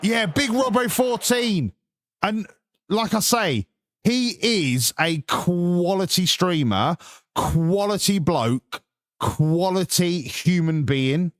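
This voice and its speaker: A man's voice: sits high, expressive, takes it slowly, dry recording, clean studio sound. An English man hosting a stream, chatting in a sarcastic, sweary, ranting way. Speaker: stream host. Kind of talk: casual chat.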